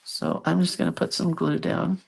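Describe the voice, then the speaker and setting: A woman's voice: on the low side, fairly even intonation, normal speed, creaky, darkish tone, husky. A middle-aged woman chatting casually to viewers while she works on a craft project, chatty and self-deprecating. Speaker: craft vlogger.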